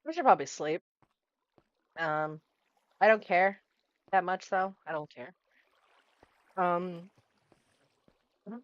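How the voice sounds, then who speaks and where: A young woman gaming streamer chats casually while playing, rambling, getting distracted, and restarting her thoughts. Her voice is on the low side, slow with frequent pauses, and the recording is muffled with no room sound.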